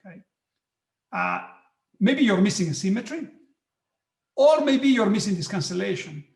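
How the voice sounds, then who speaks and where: A man giving a physics lecture online, halting, with many restarts and frequent "okay"s. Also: high voice, lively intonation, gravelly, darkish tone, roomy sound. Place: hot room.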